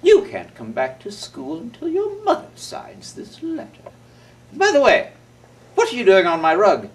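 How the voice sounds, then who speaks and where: A man's voice: very high voice, huge pitch swings, moderate pace, gravelly, distant mic, voice pushed up, full character voice. A man doing a stern fussy lady principal. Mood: scolding. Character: stern female school principal.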